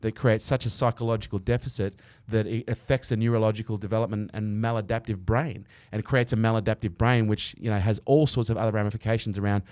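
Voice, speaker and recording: Fast-talking man, candid and emphatic. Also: lowish voice, fairly even intonation, darkish tone, dry recording. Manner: earnest, emphatic, swears casually. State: he is a parent. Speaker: podcast guest. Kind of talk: candid conversational interview.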